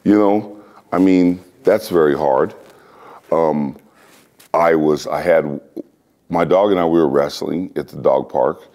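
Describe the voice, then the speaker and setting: Brief: a very low, mellow male voice, an interview guest who spins animated, playful anecdotes. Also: takes it slowly, pauses often. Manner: animated storyteller, acts out voices and sounds.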